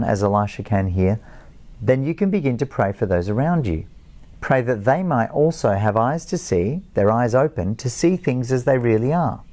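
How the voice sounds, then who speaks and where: A man's voice: medium pitch, mellow. A middle-aged man giving a chapel sermon, telling the story with animation and self-deprecating asides. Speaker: college chapel speaker.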